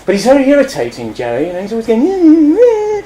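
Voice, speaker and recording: A man giving a public speech, animated, acting out scenes and laughing. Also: high-pitched, racing, roomy sound, rough recording. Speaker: speaker.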